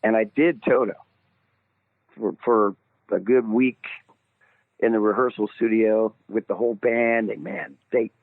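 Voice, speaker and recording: A man's voice: measured pace, creaky, long pauses, no room sound. Older guy on a phone call, tinny thin line, dry, laughs a lot telling stories. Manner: animated, laughing, jumps into high excited tones when quoting himself. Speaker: guest singer. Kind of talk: casual phone interview storytelling.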